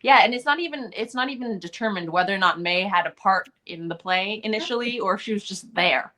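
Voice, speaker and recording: A woman's voice: medium pitch, a little fast, sharp tone. A woman actor being interviewed, telling behind-the-scenes anecdotes in a chatty way and laughing often. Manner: chatty, many restarts and fillers. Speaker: actor guest. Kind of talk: casual interview storytelling.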